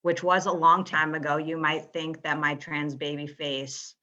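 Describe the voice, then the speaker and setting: A woman in her twenties, a guest joining by video call, chatting casually with dry, deadpan humor. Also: sits low, measured pace. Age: 20s. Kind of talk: casual chat with comic asides. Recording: dull lo-fi video call audio.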